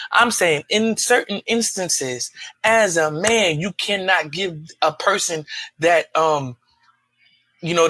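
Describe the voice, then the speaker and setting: Male co-host, casual group chat, emphatic and repetitive, bright voice, dry close sound. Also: sits high, dry recording. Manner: emphatic, repeats words for stress. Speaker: podcast co-host; father.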